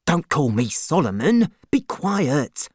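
A woman's voice: low-pitched, sing-song, takes it slowly, slightly rough, no echo, studio quality, heavily acted. A woman reading a curt secretive man. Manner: curt, hushed and impatient.

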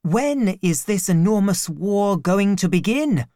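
A man reading an audiobook and voicing an excitable young male servant who is eager to fight, speaking in an excited, blunt way. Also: high voice, takes it slowly, no room sound, studio quality, voice pushed up.

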